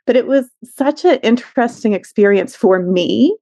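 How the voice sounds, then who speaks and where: A woman's voice: a little high, lively intonation, normal speed, mellow, dry recording, clean studio sound. Earnest middle-aged woman telling a story. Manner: tender, earnest, acts out quoted voices. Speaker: therapist guest. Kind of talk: conversational storytelling.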